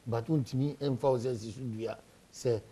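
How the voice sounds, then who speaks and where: A man hosting a TV talk show, pressing his guest with quick probing questions. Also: medium pitch, fairly even intonation, mellow, slightly rough. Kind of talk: moderating a political discussion. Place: television studio.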